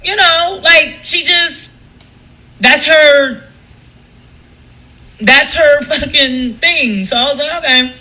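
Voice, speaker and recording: Man, livestream host, casual profane rant, gossipy, very high pitch. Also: slow pace, long pauses, sharp tone, low-quality recording.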